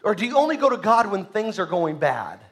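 Preaching as pastor, this man speaks in a high, sing-song voice at a slightly quick clip. He's emphatic, alternating loud outbursts with quiet asides and questioning his congregation.

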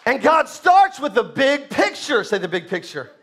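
A male preacher giving a fervent sermon, rising to shouts for emphasis. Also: extremely high pitch, very animated, normal speed, some chatter behind.

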